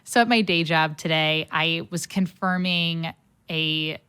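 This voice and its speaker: A woman's voice: low-pitched, fairly even intonation, takes it slowly, bright, forceful tone, clean tone. Chatty young woman podcast host. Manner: chatty, laughing, many fillers. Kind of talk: casual interview chat.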